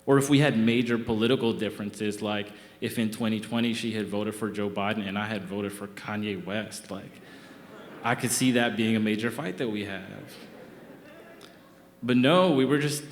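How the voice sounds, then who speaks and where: A young man tells a funny personal story from a theatre stage, wry and self-mocking in a relaxed, conversational way. His voice sits in the middle of the male range. The sound is roomy and trails off in a long hall reverb. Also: mid-range voice. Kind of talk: live comic personal storytelling.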